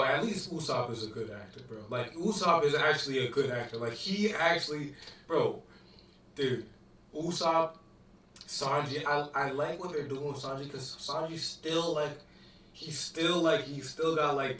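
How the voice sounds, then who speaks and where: Young man ranting in a heated commentary, profane and slangy, bright forceful voice, echoey room, mic set back. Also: mid-range voice, a little slow, distant mic, a little hiss or hum. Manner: profane, slangy, exasperated rant with constant "bro". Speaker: commentator reviewing a show.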